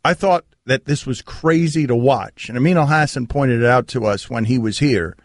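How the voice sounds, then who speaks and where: A man hosting sports talk radio, riffing in an animated way on a studio mic. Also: medium pitch, normal speed, no echo.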